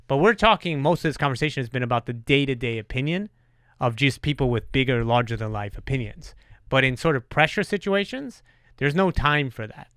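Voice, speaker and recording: Animated, profane storytelling podcast man. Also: mid-range voice, a little fast, clear, resonant tone, dry recording, clean studio sound. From New York. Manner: animated storyteller, swears freely. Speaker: podcast host. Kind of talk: casual podcast chat.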